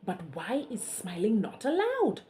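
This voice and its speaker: A woman voicing a cheerful, sunny little character in a children's story, asking questions brightly. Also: a little high, wildly swooping pitch, unhurried, background noise. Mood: puzzled.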